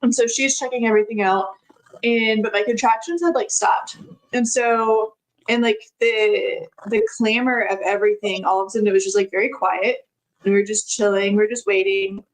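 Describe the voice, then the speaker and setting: A woman's voice: medium pitch, steady tone, moderate pace, low-quality recording. A woman telling a personal story as a podcast guest, in a chatty way with frequent laughs and many filler words.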